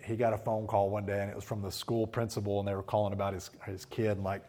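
A middle-aged man preaching a sermon, telling stories and acting out quotes with lively voices. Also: lowish voice, fast. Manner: storytelling with animated acted-out quotes. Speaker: pastor.

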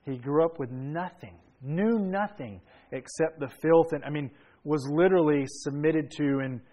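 A man preaching a sermon, telling a family story with animated energy and sudden bursts of shouting. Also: on the high side, moderate pace. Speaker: pastor. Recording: dull lo-fi sound.

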